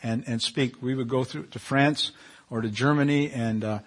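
A man's voice: mid-range voice, fairly even intonation, moderate pace. A male pastor preaching a sermon in a conversational way, reading scripture aloud and rising in intensity as he reads.

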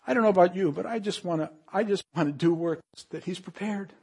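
A pastor preaching a sermon, reading scripture aloud and swinging between hushed lines and raised, emphatic passages. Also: male voice, high-pitched, quick pace, few pauses, husky.

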